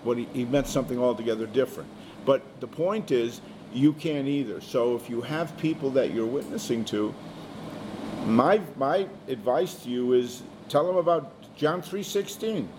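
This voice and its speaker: A man's voice: medium pitch, normal speed, noisy background. A man teaching a small Bible study group in a conversational way, often putting questions to the people in the room.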